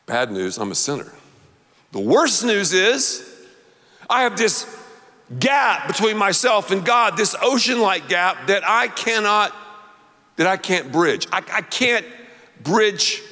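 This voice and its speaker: Slowly and with frequent pauses, a preacher delivers an animated sermon in a somewhat high voice. He pulls the congregation into call-and-response as his words echo with a long hall reverb.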